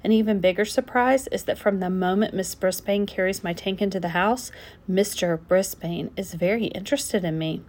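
A woman narrating a children's storybook aloud in the first person of a frog, with gentle, expressive storytelling. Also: mid-range voice, normal speed.

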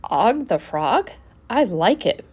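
A woman voicing a curious, jovial middle-aged man in a storybook read-aloud, drawing out his questions slowly. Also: mid-range voice, very animated, husky, exaggerated voice.

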